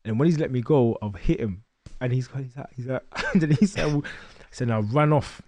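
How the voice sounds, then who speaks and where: Fast-talking young man telling a story. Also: mid-range voice, background noise. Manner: animated storyteller acting out quoted voices. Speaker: guest boxer. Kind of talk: storytelling in a podcast interview.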